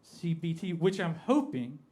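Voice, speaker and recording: Here is a male comedian performing stand-up in a club, his accent Appalachian American and his roots in Appalachia, United States. He sounds a little high-pitched for a man and plays it deadpan, slowing as each punchline lands.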